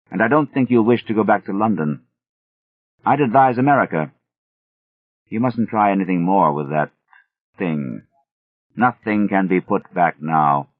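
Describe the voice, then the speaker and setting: A man's voice: fairly low pitch, no room sound, close to an everyday voice. A man voicing a grave, bearded older villager who speaks steadily and bluntly. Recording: thin phone-like audio.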